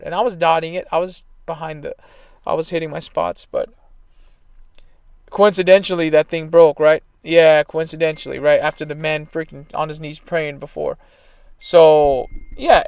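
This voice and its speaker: A man in his thirties tells a rambling, emphatic story in casual talk. His voice is a little high and gravelly, yet smooth and clear. The sound is dry and close. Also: darkish tone, no room sound. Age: 30s. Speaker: baseball player and coach.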